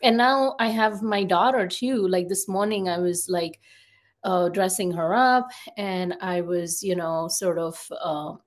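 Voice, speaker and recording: A woman's voice: lowish voice, steady tone, measured pace. A woman in her thirties, a therapist and coach, talking casually as a podcast guest with lots of fillers and restarts. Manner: chatty, many fillers and restarts. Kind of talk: casual conversational interview.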